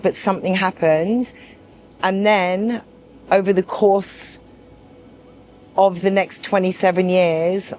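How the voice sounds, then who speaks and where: A woman's voice: on the low side, darkish tone, a little hiss or hum. Frank, blunt woman in her forties. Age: 40s. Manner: frank, repetitive, emphatic; blunt, swears freely. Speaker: documentary subject. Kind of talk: candid personal testimony.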